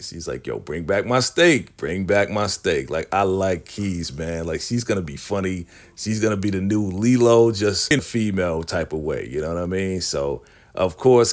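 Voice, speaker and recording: A man casually recapping a TV episode, telling the story with street slang and acting out the characters. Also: sits low. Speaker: TV recap vlogger.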